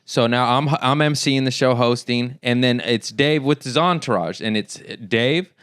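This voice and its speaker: A man hosting a comedy podcast, chatting in a relaxed way and telling stories. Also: mid-range voice, moderate pace, smooth, no room sound, studio quality. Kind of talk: casual podcast chat.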